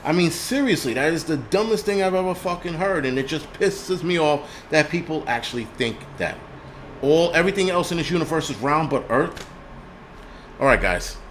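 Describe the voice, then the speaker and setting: A man's voice: a little high, expressive, normal speed, fairly bright tone, a little hiss or hum. A man hosting a livestream, ranting angrily with heavy profanity, restarting and stammering over his words. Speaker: host. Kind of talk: livestream rant.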